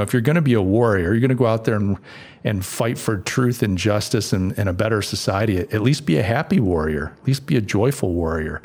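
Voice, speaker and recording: A man's voice: lowish voice, darkish tone. A middle-aged man hosting a podcast, talking through his thoughts in a casual, reflective monologue with frequent fillers and restarts. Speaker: podcast host.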